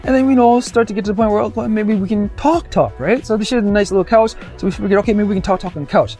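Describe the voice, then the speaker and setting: A man's voice: high-pitched, fast talker, soft background music. A young man from Canada telling a comic story and acting out the people in it. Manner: animated, acts out the people in his stories.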